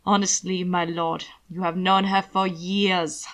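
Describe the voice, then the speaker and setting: A woman voicing a proper older male butler who speaks slowly, dryly and wearily. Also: lowish voice, flat delivery, a bit bright. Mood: exasperated.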